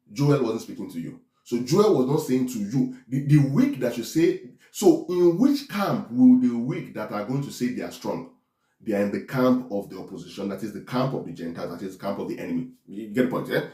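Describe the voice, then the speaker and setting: A man's voice: medium pitch, sing-song, a little fast, mellow, reverberant. A man preaching a teaching sermon, emphatic and repeating phrases for stress, who keeps asking his listeners to check in with him.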